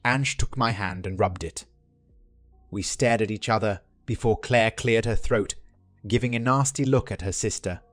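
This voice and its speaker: A man narrating a first-person relationship drama in a steady scripted read. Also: lowish voice, moderate pace, dry recording, soft background music.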